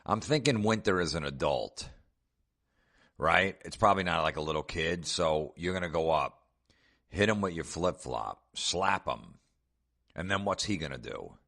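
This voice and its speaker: Male comedian host, extremely deep voice, sarcastic and foul-mouthed. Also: lively intonation, moderate pace, creaky, fairly bright tone. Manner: sarcastic, profane mockery. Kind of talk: comedic podcast rant.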